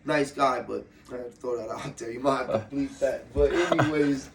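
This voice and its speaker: A man's voice: mid-range voice, moderate pace, gravelly, reverberant. Profane young man telling a life story. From Ohio. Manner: loose, profane, animated storytelling. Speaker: interview guest, MMA fighter. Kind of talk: casual storytelling interview. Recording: slightly distant mic with faint room noise.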